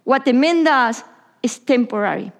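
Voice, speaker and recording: High-voiced woman preaching in English. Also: lively intonation, normal speed, gravelly. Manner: non-native English with Spanish slips, drops to whispers. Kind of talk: sermon.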